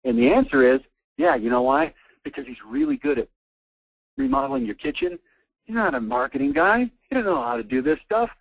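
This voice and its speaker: A man giving a fired-up, blunt sales pitch as host of a marketing webinar on an online call. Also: big pitch swings, fairly quick, vocal fry, no room sound, rough recording. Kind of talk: persuasive sales presentation.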